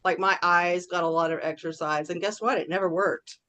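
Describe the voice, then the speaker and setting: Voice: medium pitch, steady tone, brisk, pushed and bright. A podcast co-host and former police officer, speaking in a matter-of-fact, dry way in casual chat.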